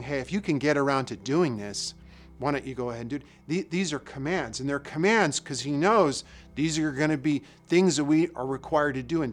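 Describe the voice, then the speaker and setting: Conversational man preaching a sermon. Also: a little high. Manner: conversational, storytelling with asides and repetitions. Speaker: lay preacher.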